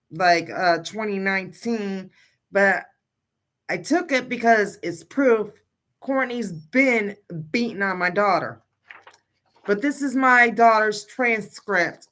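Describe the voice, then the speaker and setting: A woman's voice: medium pitch, slow pace, pauses often, a bit bright. Blunt, insistent middle-aged woman livestreaming. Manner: blunt and insistent, pressing question after question. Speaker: grieving mother on a livestream. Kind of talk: casual livestream talk, reading out a list of questions.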